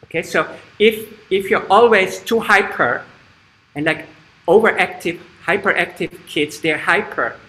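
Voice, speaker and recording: Man teaching kids yoga over a video call, bright voice, slow halting talk, echoey room. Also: sits high. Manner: slow, halting, with stops and restarts. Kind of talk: live online kids' yoga class. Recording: echoey room, faint background noise.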